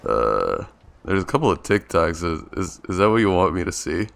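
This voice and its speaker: Chatting casually while streaming a video game, this young man has a low-pitched, creaky, fairly bright voice with big pitch swings at a normal speed. His laid-back commentary is full of laughter and halting restarts.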